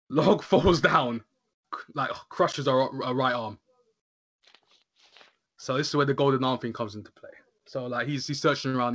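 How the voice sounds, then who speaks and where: Male podcaster, bright and lively, recapping an episode in loose chat. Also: medium pitch, breathy edge. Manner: animated, laughs often, says "literally" a lot. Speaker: podcast host reviewing a horror episode. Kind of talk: casual chat.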